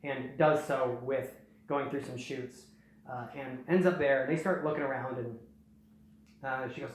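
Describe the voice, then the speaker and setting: A young man hosting, casually recapping a story in a rambling way and slipping into quick snippets of character dialogue. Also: medium pitch, steady tone, slight background noise. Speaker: host. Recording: very echoey room.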